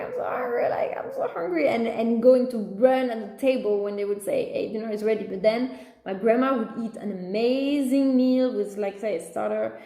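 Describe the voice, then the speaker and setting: A woman with a slightly high voice tells a casual story. She is animated and acts out the voices of the people in it, laughing at herself as she goes. The recording is echoey and roomy. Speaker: mother and vlogger. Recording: roomy echo.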